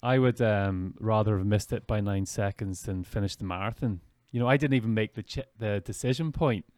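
A man's voice: on the low side, a little fast, a little mellow, no room sound, clean studio sound. A man hosting a podcast, reflecting in casual chat with hesitant, repeated words. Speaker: podcast host.

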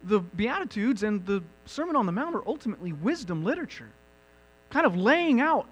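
A male pastor delivers a sermon in a high, lively voice that climbs and dips as he teaches. He adds emphatic asides, and a low mains hum runs under the recording. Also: a little fast, poor audio.

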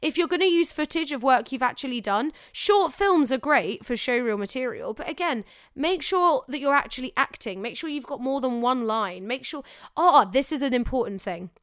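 A woman's voice: sits high, normal speed, no echo, studio quality. A young woman, an actor, chatting casually and animatedly as she gives advice on showreels. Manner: chatty, animated, self-correcting. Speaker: actor giving career advice.

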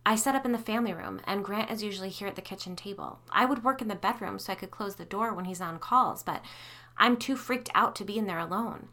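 Lady reading as anxious haunted wife, pleading, kinda forceful tone. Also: mid-range voice, quick pace, natural voice. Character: anxious tormented woman, Sally, haunted wife.

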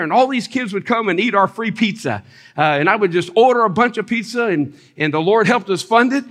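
Briskly and with animation, a male preacher with a high voice recounts testimony stories during a sermon. He breaks into loud exclamations and chuckles, and keeps leaning on the congregation to agree.

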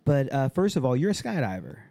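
A man's voice: medium pitch, big pitch swings, brisk, gravelly, mellow, no room sound. A man hosting a podcast in casual chat, joking and teasing his guests, often restarting his words. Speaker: podcast host.

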